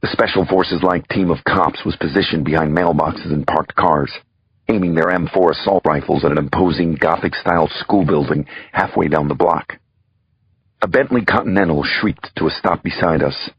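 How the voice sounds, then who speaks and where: Man, audiobook thriller narrator, raspy and low, dull lo-fi recording. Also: moderate pace. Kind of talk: first-person thriller narration.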